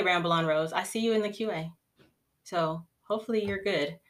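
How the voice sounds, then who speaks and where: A woman's voice: on the low side, fairly quick. Chatty woman hosting a live Q&A. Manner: chatty, rambling, emotional with laughs. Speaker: homeschooling live Q&A host. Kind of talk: casual live-stream Q&A. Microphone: phone or computer mic, live stream.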